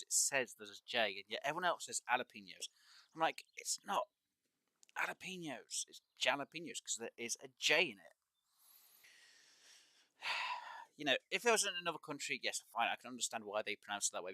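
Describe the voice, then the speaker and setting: A man's voice: medium pitch, bright, forceful tone, no room sound. A man chatting casually and at length while streaming a fishing game, opinionated and rambling with lots of fillers. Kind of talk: casual live-stream chat while gaming.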